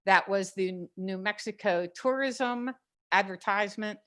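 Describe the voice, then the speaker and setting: Woman co-host, joking, quick animated casual talk. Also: medium pitch. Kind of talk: casual live-stream chat.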